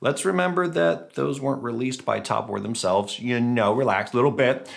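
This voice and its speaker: A man hosting a gaming channel, giving chatty, self-mocking commentary on a battle with playful jumps in pitch. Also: normal speed, vocal fry. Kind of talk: casual game commentary.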